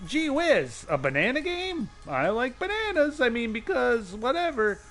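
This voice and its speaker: A man's voice: very high-pitched, sing-song, measured pace, fairly bright tone, soft background music, pitched above the performer's own voice, heavily acted. A man doing a goofy bored old sports star. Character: bored older male basketball star, goofy.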